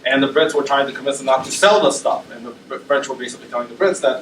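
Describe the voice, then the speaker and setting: A man's voice: medium pitch, fast talker, hardly any pauses, a bit bright, slight background noise. A male university lecturer giving a conversational presentation, dotted with ums and tag questions like "right?". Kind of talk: academic presentation. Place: lecture room. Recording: roomy echo, speaker far from mic.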